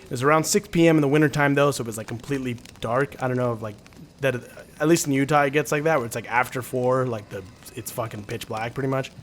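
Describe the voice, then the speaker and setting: A man's voice: mid-range voice, fast, slight background noise. A young man hosting a podcast, chatting loosely with lots of swearing and ums, then reading out listener stories. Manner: loose and profane, trails off with ums. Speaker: podcast host.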